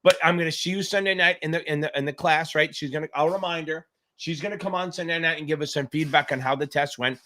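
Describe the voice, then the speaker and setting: A man's voice: a little high, fairly even intonation, quick pace, sharp tone. A man hosting a live exam-prep Q&A stream, chatting casually with jokes and profanity. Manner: joking, profane, rambling.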